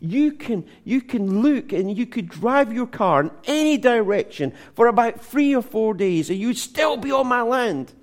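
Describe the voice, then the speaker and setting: A man's voice: very high-pitched, expressive, a little slow, hardly any pauses, pitched above the performer's own voice. A man putting on a boastful, exaggerating rich American ranch owner in a joke. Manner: bragging, exaggerating.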